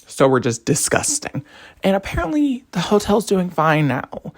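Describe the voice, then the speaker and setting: Young college guy on an animated rant, topic hopping, voice all over the place. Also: high-pitched, normal speed. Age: young adult. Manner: animated, rambling, jumps between topics. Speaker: college student vlogger. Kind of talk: casual rant to camera.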